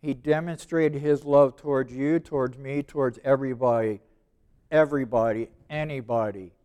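A man in his seventies preaching a sermon, stressing and repeating key words and slowing down when he reads verses aloud. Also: medium pitch, steady tone, dark tone, clean tone. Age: 70s. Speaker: preacher teaching evangelism.

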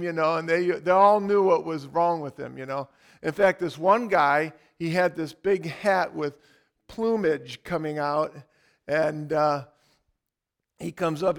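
A male pastor with a fairly high voice delivers a sermon. He tells his story in an animated, dramatic way before turning to scripture. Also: a little slow.

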